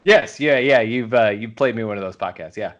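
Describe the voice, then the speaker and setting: A man's voice: mid-range voice, a little fast, a bit bright, highs cut off. A man co-hosting a casual podcast chat, rambling along with lots of filler words. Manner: rambling, full of "you know" fillers. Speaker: podcast co-host.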